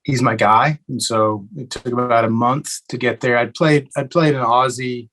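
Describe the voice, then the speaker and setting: A young adult man from Eastern Kentucky, answering interview questions in a relaxed way with many fillers and restarts. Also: mid-range voice, moderate pace, poor audio. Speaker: actor guest.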